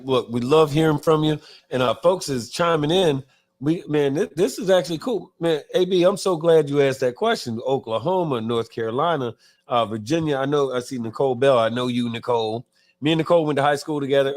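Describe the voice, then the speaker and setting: A man's voice: mid-range voice, brisk. A man hosting a live talk show in casual chat, reading viewer comments aloud and often stumbling and restarting his words. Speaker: podcast host.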